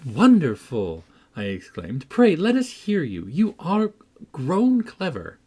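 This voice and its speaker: A man reading an audiobook, voicing a spirited girl named Catherine as she tells her own story with lively first-person storytelling. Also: mid-range voice, close to an everyday voice. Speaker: audiobook reader. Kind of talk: audiobook narration.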